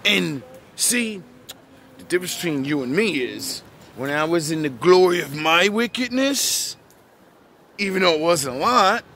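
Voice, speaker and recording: High, gravelly ranting man. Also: expressive, unhurried, sharp tone. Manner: profane and preachy, lecturing the listener; repeats catchphrases and "yous" address. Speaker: online preacher-style commentator. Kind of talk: ranting monologue.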